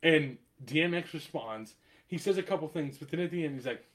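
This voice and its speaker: A man hosting a podcast in casual chat, animated, laughing often and swearing, with lots of filler words. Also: fairly high pitch, fairly quick. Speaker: podcast host.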